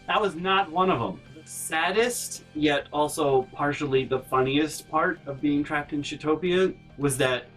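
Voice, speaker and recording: A channel host with a fairly high voice tells a comedic story from his own life, rambling, animated and swearing freely. He sounds far from the mic, and the audio quality is poor.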